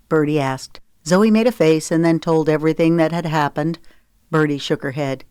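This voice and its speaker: A woman narrating an audiobook in a steady, measured read. Her voice sits on the lower side, and the recording is dry and close with no room echo. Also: smooth. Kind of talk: scripted narration.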